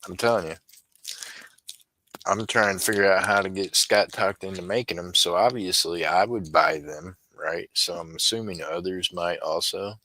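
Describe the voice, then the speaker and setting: A man chats on his livestream, drifting from thought to thought and calling out to viewers by name. His voice sits low but comes across bright and forceful. The sound is dry and close. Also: moderate pace, dry recording, poor audio. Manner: rambling, chatty, talks to viewers by name. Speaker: livestream seller. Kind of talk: casual livestream chat.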